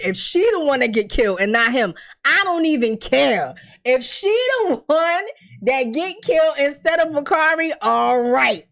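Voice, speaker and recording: A young adult woman giving a casual, profane TV recap, bluntly acting out the characters' lines as she tells the story. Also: fairly high pitch. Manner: blunt, profane, animated storytelling with quoted dialogue. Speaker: TV recap host.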